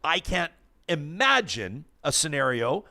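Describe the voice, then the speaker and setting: A man hosts a casual political talk show, his voice sitting a touch high for a man. He rambles as he thinks aloud and restarts his sentences often. Now and then he reads out viewer comments. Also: big pitch swings, measured pace, gravelly, sharp tone.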